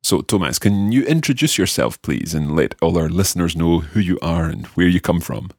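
A man hosting a podcast language lesson, carefully and slowly repeating phrases after his co-host. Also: sits low, lively intonation, a little mellow, breathy edge, dry recording, studio quality. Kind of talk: friendly scripted lesson banter.

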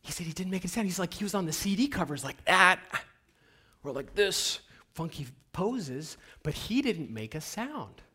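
A man giving a motivational seminar talk to an audience, asking them questions and swinging from hushed whispers to loud, emphatic bursts. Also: high voice, big pitch swings, normal speed, breathy edge. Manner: addresses the audience directly with rhetorical questions. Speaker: motivational speaker.

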